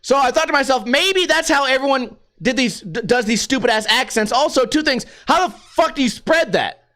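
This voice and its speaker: A man's voice: very high voice, lively intonation, moderate pace, bright, forceful tone. A man hosting a solo podcast, ranting casually and profanely and throwing in put-on voices. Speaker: podcast host.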